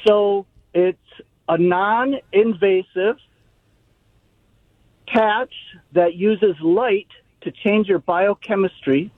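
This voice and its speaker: A man's voice: high voice, very slow, pauses often, dry recording. Joking male caller on a tinny phone line. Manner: joking, easygoing. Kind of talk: call-in radio talk.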